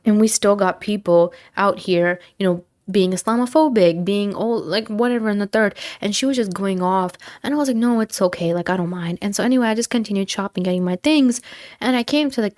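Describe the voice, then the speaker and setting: A woman's voice: mid-range voice, fairly quick, no room sound. Young woman telling a chatty story, dry sound. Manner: animated storytelling, slangy and chatty. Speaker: host. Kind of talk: casual advice chat.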